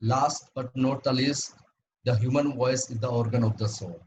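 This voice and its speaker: A man's voice: mid-range voice, fairly even intonation, moderate pace, darkish tone, slight background noise, poor audio. A man giving a prepared club talk on voice training, earnest and instructive, going through his points one by one. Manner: earnest, instructive, paced in numbered steps.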